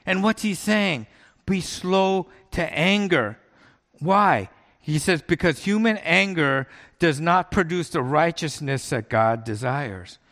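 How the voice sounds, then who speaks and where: Pastor preaching in a reverberant hall. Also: male voice, a little high, sharp tone. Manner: conversational storytelling preaching with laughs. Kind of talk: sermon.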